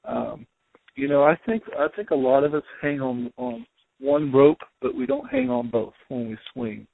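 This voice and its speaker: A man from the US Midwest talking as a podcast guest, halting, with many fillers and restarts. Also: medium pitch, wildly swooping pitch, gravelly, no room sound. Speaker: guest, home inspector. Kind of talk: casual interview chat. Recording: dry, phone-like narrow sound.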